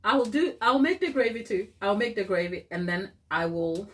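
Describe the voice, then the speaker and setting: A woman's voice: medium pitch, lively intonation, moderate pace. A woman hosting a casual baking live stream, thinking aloud as she works, reading viewer comments and laughing often. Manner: thinks aloud while working.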